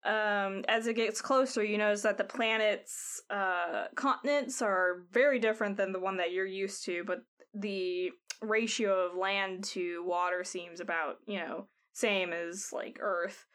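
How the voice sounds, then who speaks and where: A woman's voice: mid-range voice, fairly even intonation, unhurried, fairly bright tone. A woman narrating a tabletop game as game master, rambling with many fillers.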